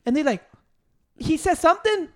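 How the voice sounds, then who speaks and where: A Mexican-American man, co-hosting a casual podcast chat, telling profane, animated stories full of asides and "wait"s. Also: very high-pitched, moderate pace. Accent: Mexican-American, mixing in Spanish. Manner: profane, animated storyteller who keeps saying "wait". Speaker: podcast co-host. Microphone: studio microphone at a table.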